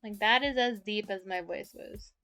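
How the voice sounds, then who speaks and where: A woman's voice: mid-range voice, normal speed, bright, forceful tone, soft background music. A young woman streamer chatting casually and giggling often, speaking close into her mic. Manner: giggly, laughs often between sentences. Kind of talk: casual chat. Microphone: mic very close to the mouth.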